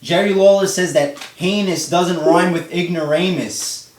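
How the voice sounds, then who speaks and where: Young guy venting about wrestling, swears a lot, slightly high voice, sits back from the mic in a roomy space. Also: unhurried. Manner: ranting, profane, exasperated. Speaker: wrestling show reviewer. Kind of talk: casual vlog review. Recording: roomy echo, distant from mic.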